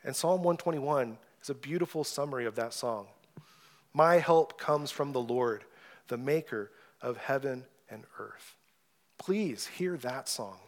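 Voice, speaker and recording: Earnest preaching man, higher voice. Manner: earnest preaching, swells loud when reading scripture. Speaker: pastor. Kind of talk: sermon.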